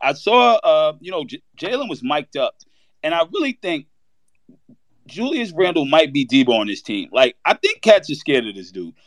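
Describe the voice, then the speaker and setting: A man on a casual sports talk panel, telling stories in an animated way full of slang. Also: on the high side, moderate pace, dry recording.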